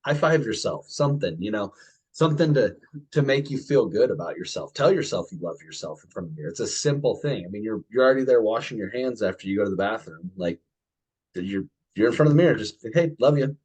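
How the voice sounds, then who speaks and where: Male podcast host, lowish husky voice, encouraging and a bit halting. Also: expressive, a little mellow. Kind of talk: casual chat.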